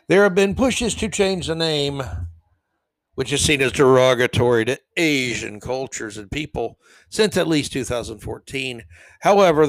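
A man hosting a solo opinion podcast, sarcastic and mocking, swinging from low mutters to loud jabs. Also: no echo. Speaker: podcast host.

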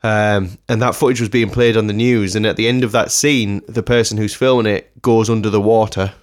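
A man with a fairly low voice tells stories chattily on a casual film podcast. He recounts scenes with animated flair. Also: fairly quick. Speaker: podcast co-host. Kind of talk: casual film review chat.

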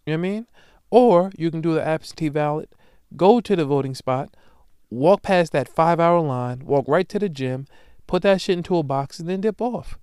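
A man's voice: a little high, normal speed, hardly any pauses, a little mellow, smooth, no room sound, clean studio sound. A young man hosting a solo podcast, talking casually and profanely in slang, rambling through stories and often asking "you know what I'm saying". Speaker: podcast host.

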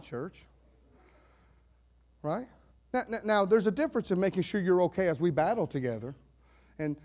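A man preaching a sermon as pastor, fervent, swinging between fired-up shouts and hushed asides. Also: sits high, big pitch swings, normal speed, long pauses. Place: church sanctuary.

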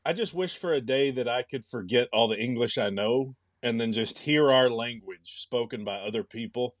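A man's voice: medium pitch, moderate pace, no echo. Young man, casual podcast chat, rambling and musing, dry close sound. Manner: rambling, musing, with frequent restarts. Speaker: podcast co-host.

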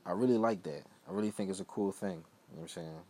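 Rambling young Philly man, low voice. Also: fast talker, a little mellow. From Philadelphia. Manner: loose, rambling, drops into low mumbled asides. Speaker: podcast host. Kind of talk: casual solo monologue.

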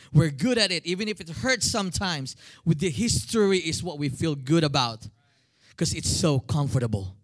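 Filipino male pastor in his thirties, higher-pitched, animated preacher who prods the congregation to respond. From Philippines. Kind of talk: sermon.

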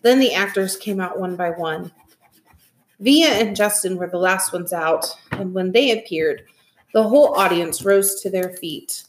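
A woman reads a novel aloud with lively, expressive delivery. Her pitch sits in the middle of the range. The recording has a roomy echo. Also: a little slow. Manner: expressive, animated reading. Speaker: reader. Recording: echoey room.

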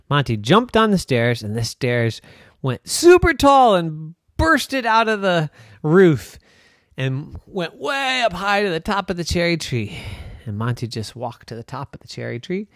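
A man narrating an improvised children's story in an animated, playful way. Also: mid-range voice, normal speed, dry recording, studio quality.

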